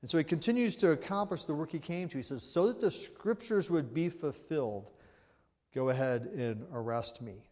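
A man's voice: on the high side, expressive, normal speed, darkish tone. Man preaching in a reverberant hall, slightly raised voice, asks listeners questions. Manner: conversational preaching with rhetorical questions. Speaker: pastor. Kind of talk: sermon.

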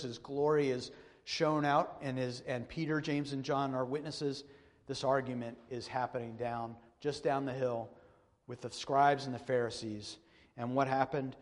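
A man giving a sermon and reading scripture aloud, talking in an earnest, measured way that repeats and restarts phrases. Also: mid-range voice. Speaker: pastor. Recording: long hall reverb.

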